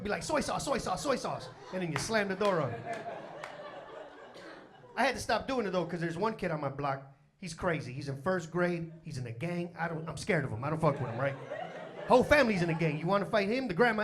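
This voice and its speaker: A man's voice: sits high, fast talker. A man in his forties from Chicago's South Side doing a stand-up comedy set, telling stories and acting out the people in them. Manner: animated storytelling, acting out characters. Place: comedy stage before a live audience. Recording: loud crowd laughter throughout. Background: audience laughter.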